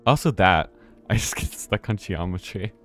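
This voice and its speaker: A man's voice: low voice, animated, normal speed, fairly bright tone, soft background music. An American man giving live, chatty commentary while streaming a horror game, often restarting words and swearing casually. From United States.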